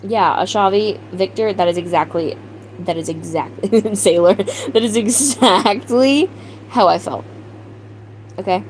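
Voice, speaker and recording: A young woman hosting a livestream, telling a story in a casual, animated way with mock outrage and laughter, answering her chat. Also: mid-range voice, a little slow, a little hiss or hum, low-quality recording. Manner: animated, exaggerated outrage, laughing, reads chat names aloud. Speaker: livestream host.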